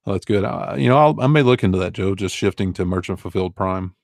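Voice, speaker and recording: Guy in his 40s, low flat voice, dry close sound, laid back rambly reseller chat. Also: quick pace, gravelly, no room sound. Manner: easygoing and rambling, with fillers and chuckles. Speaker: online reseller answering viewer questions. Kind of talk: casual live Q&A chat.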